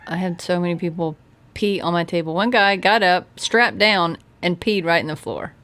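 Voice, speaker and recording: A woman co-hosting a podcast, tossing out quick, incredulous quips in casual chat. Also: on the low side, fairly bright tone. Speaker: podcast co-host.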